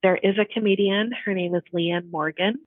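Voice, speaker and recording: A middle-aged woman co-hosting a casual podcast chat, telling lively stories and laughing often. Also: medium pitch, moderate pace, dry recording, phone-quality sound. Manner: animated storyteller, laughs often. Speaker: podcast co-host.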